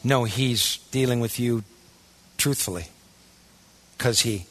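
A man preaching a sermon in a casual, folksy way, swinging from loud, emphatic bursts to hushed asides. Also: mid-range voice, slow pace. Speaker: pastor.

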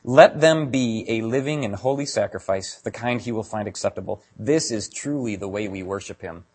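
A man preaching a sermon as pastor, talking casually to his congregation and building to loud, emphatic stretches. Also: on the low side, normal speed, breathy edge. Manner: animated, builds to raised emphatic delivery.

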